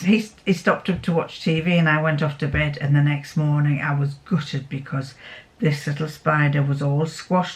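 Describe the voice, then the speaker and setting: A middle-aged woman chatting casually in a sewing vlog, rambling fondly through a homely story. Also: low-pitched. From England. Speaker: sewing vlogger. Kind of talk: casual chat.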